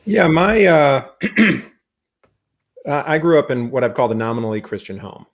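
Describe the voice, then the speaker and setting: A man takes his turn on a casual panel discussion, at an ordinary pitch. He thinks aloud, pausing and hedging with fillers. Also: very animated. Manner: reflective, hesitant, with fillers. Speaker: panel guest.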